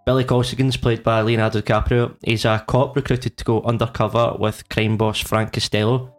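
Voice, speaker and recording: A man co-hosting a film podcast, quick and halting with restarts as he sums up a plot. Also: on the low side, little pitch movement, faint music behind. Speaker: podcast co-host. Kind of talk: casual chat, reading a plot summary.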